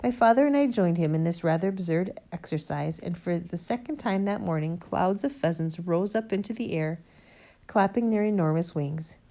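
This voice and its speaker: A woman narrating a children's storybook aloud in an expressive, lively way. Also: fairly low pitch, normal speed. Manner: lively expressive reading, first-person boy narrator. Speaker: audiobook reader.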